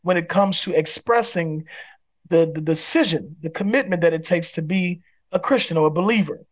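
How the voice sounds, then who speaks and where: A man's voice: on the high side, moderate pace. A man who is a pastor, a guest on a podcast interview, speaking in an emphatic, preacherly way. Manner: acts out quoted people in other voices.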